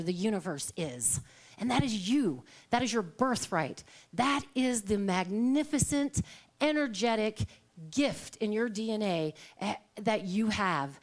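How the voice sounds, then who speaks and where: A middle-aged woman giving a conversational sermon, telling personal stories, acting out quoted dialogue and laughing often. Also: mid-range voice. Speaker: guest speaker at a Sunday service.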